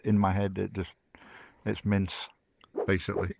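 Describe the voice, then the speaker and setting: A man's voice: low voice, monotone, normal speed, creaky, dull audio, a little hiss or hum. A man in casual chat, rambling and self-interrupting, joking along.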